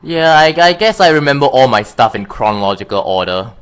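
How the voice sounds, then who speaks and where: A man's voice: medium pitch, sing-song, fairly quick, fairly bright tone, clean tone. A man being interviewed as a guest, rambling and often correcting himself. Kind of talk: casual interview chat.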